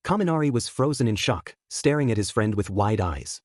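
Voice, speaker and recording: A man narrating a first-person story in a steady, even reading voice. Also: lowish voice, brisk, dry recording, clean studio sound. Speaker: fanfiction narrator.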